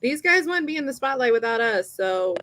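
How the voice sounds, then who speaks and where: A woman's voice: a little high, sing-song, brisk, fairly bright tone. A woman co-hosting a podcast, giving her views earnestly in casual conversation. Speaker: podcast co-host. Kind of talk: casual chat.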